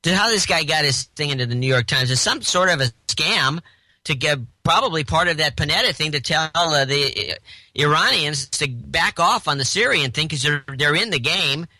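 A man's voice: a little high, animated, normal speed, pushed and bright, dry recording. A man co-hosting a podcast over an internet call, rambling bluntly in casual chat. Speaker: podcast co-host.

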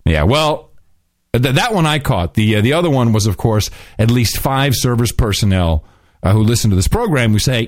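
Animated, mocking male podcast co-host. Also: mid-range voice, normal speed, no room sound, studio quality. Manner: animated, mocking, slips into silly voices. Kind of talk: casual political banter.

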